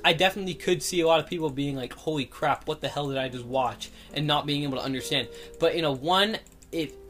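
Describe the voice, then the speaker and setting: A young man in casual chat as a podcast co-host, rambling and excitable with many fillers and restarts. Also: on the high side.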